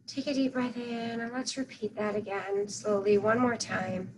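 A woman leading a guided loving-kindness meditation, giving soft, soothing instructions with long pauses. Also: a little high, steady tone, slight background noise, low-quality recording.

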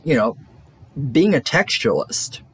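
Lively, husky-voiced male lecturer. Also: mid-range voice, a little slow. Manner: rambling, many fillers and restarts. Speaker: college lecturer. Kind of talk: classroom lecture.

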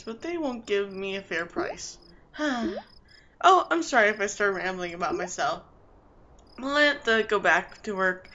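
A woman's voice: medium pitch, bright, forceful tone, dull audio. A woman voicing a weary, struggling farmer who rambles politely.

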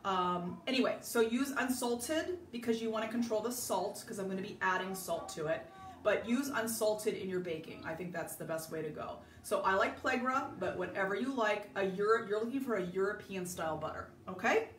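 A woman's voice: medium pitch, lively intonation, a little fast, roomy sound, distant mic. A middle-aged woman from Southern California hosting a casual live baking demo, chatty and rambling, greeting viewers by name. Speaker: home cook hosting a live baking video. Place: home kitchen.

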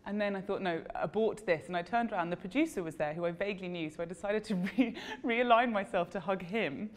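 A woman's voice: medium pitch, a little fast. Woman telling a story, hall echo. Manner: self-deprecating, animated storytelling with frequent laughs. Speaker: actor recounting an audition. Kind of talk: casual anecdote to camera.

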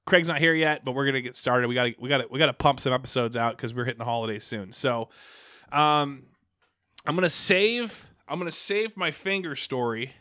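A young podcast host from the Pacific Northwest talks in a medium-pitched, fairly quick voice with a bright, forceful tone. He rambles casually, full of fillers and restarts, and sounds slightly out of breath. The studio-quality recording has no echo.

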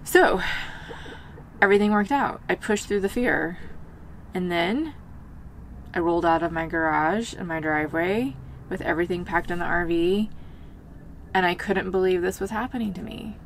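Earnest woman vlogging with animated fillers. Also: fairly low pitch, normal speed, long pauses, a little hiss or hum. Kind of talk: casual talk to camera.

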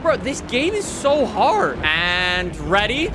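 A man giving excitable gameplay commentary as a YouTuber, reacting and talking to himself. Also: high-pitched, slow, background noise. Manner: excitable, laughs a lot, talks to himself. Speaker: gaming YouTuber.

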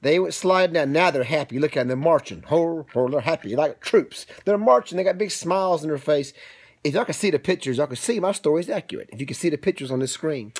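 A man's voice: a little high, lively intonation, fast talker, breathy edge. A father making up a story from picture-book pages for his little boy. His voice is playful and chatty, rising and falling all over as he narrates. He keeps it loose and homey. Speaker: father reading to his son.

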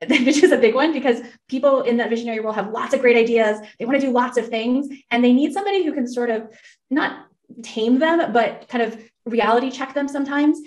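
Brief: middle-aged woman, quick energetic guest, explains with enthusiasm. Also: fairly high pitch. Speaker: guest, hiring consultant. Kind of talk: interview conversation.

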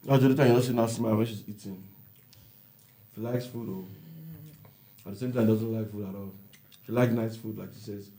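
A man's voice: on the low side, fairly even intonation, fairly quick, pauses often, warm tone. A man from Nigeria, teasing his wife in casual banter on a couple's vlog. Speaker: vlog co-host. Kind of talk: casual chat.

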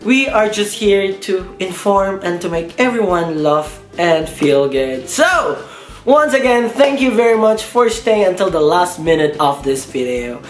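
A man from the Philippines hosting a casual explainer vlog, playful and giggly, acting out quick voices. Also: sits high, expressive, soft background music. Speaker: vlogger. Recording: echoey room.

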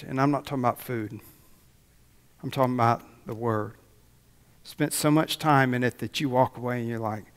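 Gravelly preacher in a reverberant church. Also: male voice, medium pitch, a bit bright. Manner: folksy storytelling with prayer. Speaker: pastor. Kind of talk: sermon. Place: church sanctuary.

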